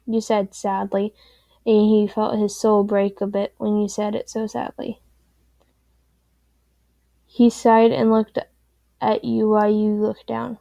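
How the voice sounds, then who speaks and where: A woman's voice: mid-range voice, monotone, slow, vocal fry, long pauses, warm tone, no echo. A woman chatting offhandedly before reading a fan story aloud. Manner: rambling, offhand. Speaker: story reader.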